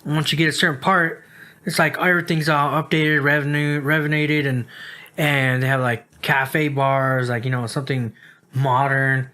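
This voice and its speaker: A man's voice: mid-range voice, level tone, normal speed, pushed and bright. A man from the United States co-hosts a laid-back podcast. He sounds worn out and yawny. His talk wanders and is padded with fillers. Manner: rambling, filler-heavy, says "like" and "dude" a lot. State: tired, yawning. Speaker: podcast co-host. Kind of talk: casual chat.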